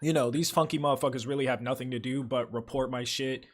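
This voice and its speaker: A man's voice: medium pitch, fairly even intonation, quick pace. A young man hosting a livestream, reading viewer comments aloud and chatting in loose, profane slang full of fillers. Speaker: livestream host.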